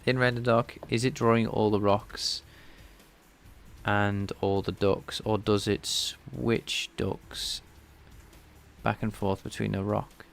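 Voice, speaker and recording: Gravelly low-voiced man thinking aloud. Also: little pitch movement, slow pace, faint music behind. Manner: rambling and self-deprecating, chatting with viewers between tasks. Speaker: live-streaming programmer. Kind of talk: casual live coding stream, thinking aloud.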